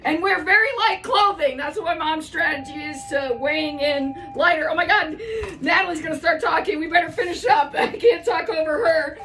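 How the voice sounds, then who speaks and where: A woman's voice: high voice, moderate pace, fairly bright tone. A middle-aged woman, a school lunch lady, giving casual morning announcements in a chatty, giggly way, laughing often. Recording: distant mic with faint ambient noise.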